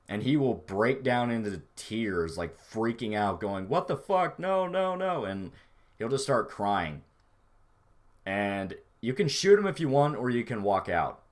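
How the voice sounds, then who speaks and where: A man chatting casually on a livestream, rambling and swearing freely as he reacts to his chat. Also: on the low side. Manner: rambling, profane, laid-back. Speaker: streamer reading chat.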